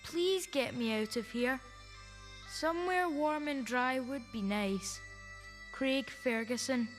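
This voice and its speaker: Man doing a slow, pleading ten-year-old boy, high voice, reverb, faint music. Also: fairly bright tone, full character voice. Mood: plaintive.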